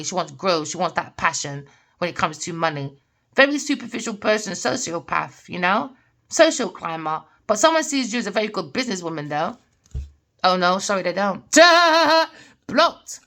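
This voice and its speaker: A woman delivers a tarot reading in a loose, unscripted monologue. She talks bluntly and with emphasis, swears freely, and keeps asking herself "why?" before she answers. Her voice is bright and forceful, set at a middle pitch. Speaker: tarot reader.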